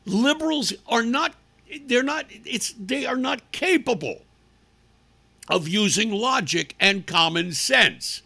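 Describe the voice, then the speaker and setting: A man's voice: very high-pitched, expressive, slow, creaky, bright, forceful tone. A male radio talk show host giving sarcastic, indignant commentary with emphatic delivery.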